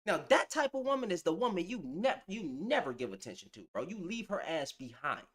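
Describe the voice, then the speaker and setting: A man's voice: high voice, big pitch swings, fairly quick, fairly bright tone. A man ranting to camera in blunt, slang-heavy commentary, calling people out. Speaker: vlogger.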